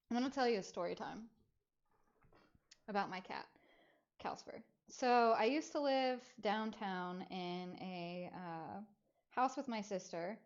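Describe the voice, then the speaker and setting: A woman streamer with a middle-pitched voice chats casually while telling a personal story, rambling and packed with fillers. Her stream audio is a bit dull and muffled, and her retelling is animated.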